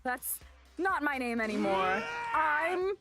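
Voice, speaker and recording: Woman voicing a pumped-up, hot-headed teen boy, loud and high-pitched. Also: sing-song, slow pace, over loud music, exaggerated voice. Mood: fired up.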